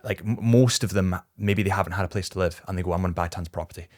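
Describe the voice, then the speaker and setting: Fast-talking deep-voiced man host. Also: dry recording, clean studio sound. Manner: relaxed, chatty, retells anecdotes. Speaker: podcast host. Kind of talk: podcast interview.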